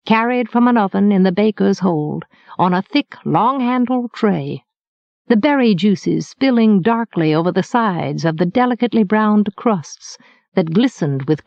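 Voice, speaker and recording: A woman narrating an audiobook at a slow, unhurried pace, her voice rising and falling with lively expression. The sound is dry and close, recorded with a dull, lo-fi tone. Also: medium pitch, dry recording. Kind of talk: scripted narration.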